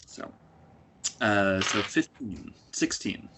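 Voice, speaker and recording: A man's voice: lowish voice, expressive, slow pace, bright, forceful tone, husky. A man playing a tabletop game, arguing insistently in character. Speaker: player. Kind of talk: casual tabletop play.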